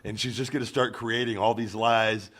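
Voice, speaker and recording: A man's voice: fairly low pitch, level tone, fairly bright tone. A man hosting a podcast, joking and riffing in casual chat with a profane, wisecracking manner. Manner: wisecracking, profane, quick reactions. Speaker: podcast host.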